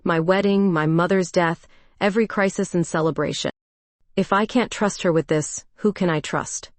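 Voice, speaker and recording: A woman narrating a first-person story in a reflective, even way. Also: lowish voice, moderate pace, dry recording.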